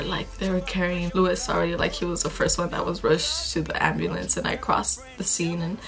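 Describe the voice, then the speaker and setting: A woman in a vlog, recounting a personal loss in a halting, emotional way, full of fillers and restarts. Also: lowish voice, gravelly, fairly bright tone, rough recording. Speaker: vlogger. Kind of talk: personal storytelling.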